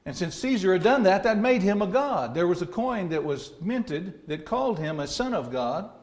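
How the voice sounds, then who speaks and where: A man's voice: high voice, big pitch swings, normal speed, darkish tone. A man with an Alabama accent preaching a sermon, teaching in a folksy, conversational way with homey asides. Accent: Southern American, Alabama. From North Alabama.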